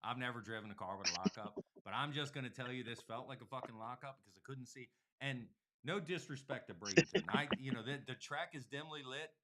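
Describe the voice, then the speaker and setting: Man, podcast host, bright forceful voice, rambling and profane, casual talk. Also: medium pitch, fairly quick, few pauses. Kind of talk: casual chat.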